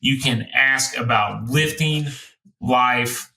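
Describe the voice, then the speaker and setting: A man's voice: medium pitch, slow pace, gravelly, bright, forceful tone. A man hosting a podcast, rambling loosely and playfully through chat and sign-off plugs. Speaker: podcast host.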